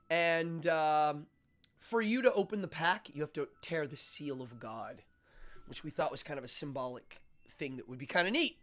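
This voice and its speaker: A man's voice: a little high, a bit bright. A man hosting a live-stream show, talking casually and rambling with frequent fillers and restarts.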